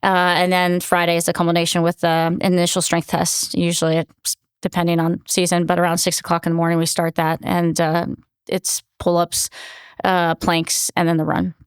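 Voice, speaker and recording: A woman's voice: fairly low pitch, monotone, moderate pace, clear, resonant tone, dry recording. A middle-aged woman, a military commanding officer, telling stories earnestly in an interview with many fillers. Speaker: battalion commanding officer, guest. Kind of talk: conversational interview storytelling.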